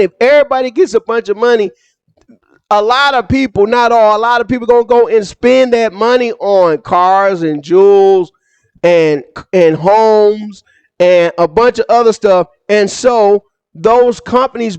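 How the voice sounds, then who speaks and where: A man ranting casually to camera about money, emphatic and slangy, with quick bursts and asides. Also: high voice, clean tone, no echo, lo-fi sound. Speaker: finance YouTuber. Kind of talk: casual direct-to-camera rant.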